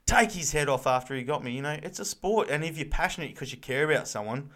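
A man's voice: mid-range voice, quick pace, fairly bright tone. An Australian man in his thirties, co-hosting a casual podcast chat, blunt and fired up, swearing freely. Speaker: podcast co-host.

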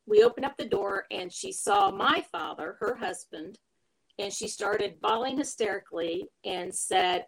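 A middle-aged woman telling, in an interview, her personal story of caring for her mother, earnest and emotional with reflective pauses. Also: mid-range voice, big pitch swings, vocal fry, poor audio.

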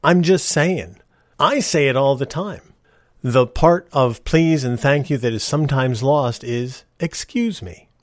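Talking unhurriedly in a mid-range voice, this middle-aged man hosts a podcast on a close mic. The recording is dry, and his casual monologue has an earnest, ranting quality.

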